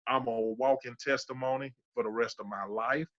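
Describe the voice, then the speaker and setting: A man's voice: medium pitch, fairly even intonation, normal speed, fairly bright tone, highs cut off. A man in his thirties telling his personal survival testimony as a podcast guest, emphatic and repeating key phrases for weight. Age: 30s.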